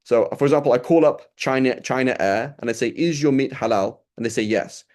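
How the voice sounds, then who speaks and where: A man teaching a small group in a loose, conversational way. His pitch sits in the middle for a man. He often checks in with his listeners with quick questions. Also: darkish tone. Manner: casual, conversational, asks listeners rhetorical questions. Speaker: religious teacher. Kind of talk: informal lesson.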